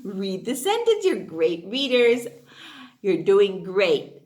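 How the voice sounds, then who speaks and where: A woman teaching a phonics lesson to young children in an animated, sing-song teacher voice, drawing out her words. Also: mid-range voice, takes it slowly. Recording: echoey room.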